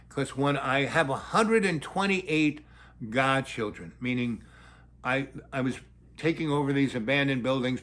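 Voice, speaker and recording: An older man rambling through a long story in a blunt, crude, animated way. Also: medium pitch.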